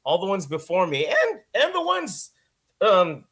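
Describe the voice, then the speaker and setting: A man with a high voice talks as an interview guest. He is expressive and rambling, often restarting his sentences as he goes. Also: unhurried, husky. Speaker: voice actor guest. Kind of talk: casual interview chat.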